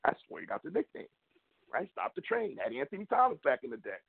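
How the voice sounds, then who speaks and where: Ranting in frustration on his sports show, this man rambles emphatically and keeps repeating himself. His slightly high, slightly rough voice swoops wildly in pitch, quick with vocal fry, over phone-like narrow audio.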